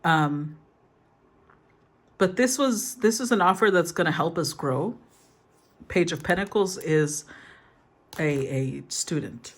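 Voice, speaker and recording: A woman's voice: on the low side, slow, long pauses. A woman giving a casual tarot reading, soothing in tone, thinking aloud and rephrasing as she goes. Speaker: tarot reader.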